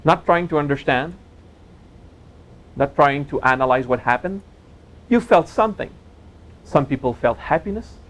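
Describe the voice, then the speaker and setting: A man teaching a spiritual seminar in a gentle, playful way, joking with his audience and laughing at his own jokes. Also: on the high side, expressive, normal speed, pauses often, rough recording. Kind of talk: relaxed seminar talk.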